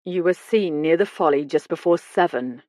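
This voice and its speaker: A calm male detective who presses his questions in a steady, even voice and never rushes his tone, as a woman narrator reads him. The sound is dry and close to the mic. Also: lowish voice, dry recording, lightly acted. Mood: firm. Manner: measured, steady and insistent.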